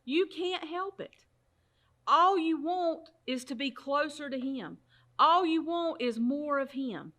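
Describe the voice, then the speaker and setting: A woman with a high voice gives a Bible study talk. She speaks earnestly and from the heart, driving points home with repeated phrases. Now and then she stumbles over a word and starts again. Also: fairly bright tone. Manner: sometimes halting, restarts words.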